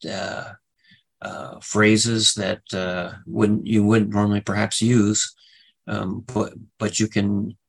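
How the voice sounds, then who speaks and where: A man gives a Bible study lecture in a low, husky, gravelly voice. He talks haltingly, with many fillers and restarts, then leans hard on single words to stress them. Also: a bit bright, low-quality recording. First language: English. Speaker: Bible teacher.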